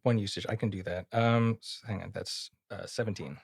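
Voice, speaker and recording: A man's voice: fairly low pitch, steady tone, moderate pace, creaky, slightly rough, dry recording, studio quality. Easygoing man playing a tabletop game. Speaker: player. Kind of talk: casual tabletop play.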